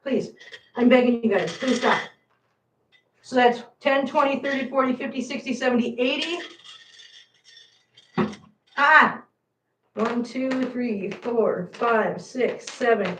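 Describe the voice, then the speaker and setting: Chatty woman talking to her cats. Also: a bit bright. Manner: chatty, scolds the cats in a high playful voice. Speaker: cat channel host. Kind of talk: livestream chat while counting cat treats. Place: room at home. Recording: echoey room, voice from afar, faint noise.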